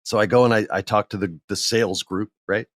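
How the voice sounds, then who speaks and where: A middle-aged man hosting a podcast, telling a work story in a candid, animated way and acting out what others said. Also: fairly low pitch, a little fast, no echo, studio quality. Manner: candid, animated, acts out quotes in others' voices. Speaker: podcast host. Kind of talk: casual storytelling monologue.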